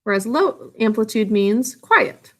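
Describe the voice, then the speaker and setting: A woman teacher walks her students through a science lesson in a recorded video. She explains patiently and step by step, pausing on small fillers, in a voice sitting a little higher than most women's. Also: expressive.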